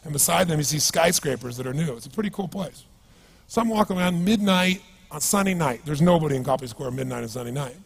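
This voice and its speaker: A man giving a motivational seminar talk to a live audience, energetic and emphatic, telling stories and asking the crowd rhetorical questions. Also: a little high, fast talker, creaky. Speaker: motivational speaker.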